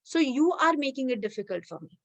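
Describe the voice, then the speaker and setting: A woman's voice: sits high, very animated, brisk, gravelly, fairly bright tone, dry recording, full character voice. A tearful, complaining young boy pleads to be believed, as a woman storyteller puts him on in a lightly raised voice. The sound is close and dry, with no room around it.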